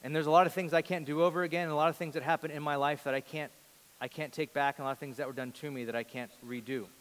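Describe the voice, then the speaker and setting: A man in his thirties preaching a sermon in a large church, earnest, rising to loud emphasis and dropping to a hush. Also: a little high, steady tone, racing, big-room sound. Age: 30s. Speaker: pastor.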